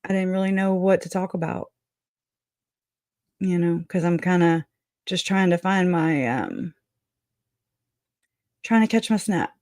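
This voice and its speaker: A woman's voice: fairly low pitch, a little slow, pauses often, a little mellow, no room sound, studio quality. A woman hosting a true crime livestream, rambling, laughing often and teary as she chats. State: crying. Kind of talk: emotional livestream chat.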